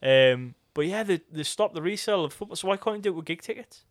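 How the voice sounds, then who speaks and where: A man's voice: high-pitched, animated, quick pace, no room sound, studio quality. A man with a Geordie accent co-hosting a podcast, chatting casually with joking, sweary, rambling banter. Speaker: podcast co-host. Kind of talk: casual chat.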